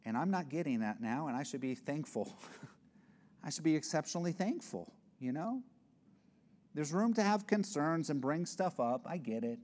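Preaching with earnest, conversational warmth, this male pastor frequently starts his phrases over. His slightly mellow voice runs on the high side, expressive and moderately paced.

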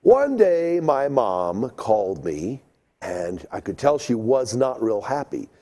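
Middle-aged male storyteller, relaxed warm tone, playful and animated, slips into little voices. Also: mid-range voice, takes it slowly. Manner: animated, acts out voices and sounds. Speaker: speaker telling a childhood story. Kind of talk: storytelling talk to an audience.

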